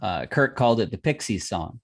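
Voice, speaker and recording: A man's voice: fairly low pitch, animated, normal speed, vocal fry. A man telling long stories in casual livestream chat, with many restarts and fillers. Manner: rambling storyteller with many restarts. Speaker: podcast co-host. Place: music industry veteran, former record store clerk.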